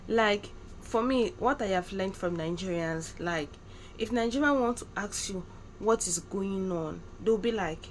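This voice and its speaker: A woman's voice: medium pitch, measured pace, slight background noise, rough recording. A woman hosting her own channel, chatting casually and acting out slang phrases playfully. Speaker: channel host. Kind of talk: casual vlog commentary.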